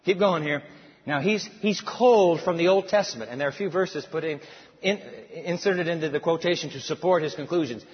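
A man's voice: on the high side, fairly quick, breathy edge. A man preacher delivering a dramatic, storytelling sermon full of asides. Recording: dull sound with long hall reverb.

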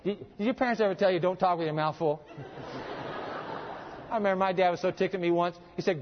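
Preacher, male, high folksy voice, long hall reverb, slightly muffled. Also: quick pace, pauses often, slight background noise. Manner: folksy, animated, jokes with the audience. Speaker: pastor. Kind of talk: sermon with live demonstration. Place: church hall with audience.

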